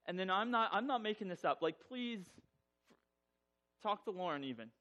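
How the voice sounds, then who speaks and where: A man's voice: sits high, fast, muffled recording. A man telling a personal story to an audience, humorous and self-mocking, acting out the voices. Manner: animated, acts out voices in his telling.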